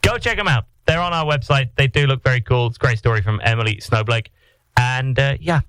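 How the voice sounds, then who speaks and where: A man's voice: medium pitch, fairly quick, a bit bright, smooth, dry recording, low-quality recording. A man hosting a morning radio show, chatting playfully and rambling in a studio. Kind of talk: casual studio banter.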